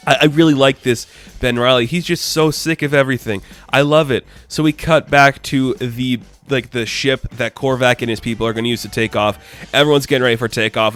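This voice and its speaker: A man's voice: mid-range voice, a bit bright. A man giving a casual, enthusiastic comic book recap, chatty and loose, with casual swearing.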